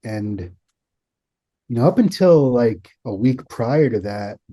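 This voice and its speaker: A man guest in an interview, telling his story earnestly and measured, with an occasional swear for emphasis. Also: mid-range voice, animated, mellow, no echo. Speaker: guest, author and producer.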